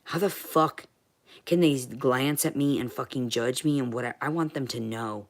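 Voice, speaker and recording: A woman vlogging in a rambling, profane monologue, swinging from muttering to shouting. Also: extremely low pitch, moderate pace.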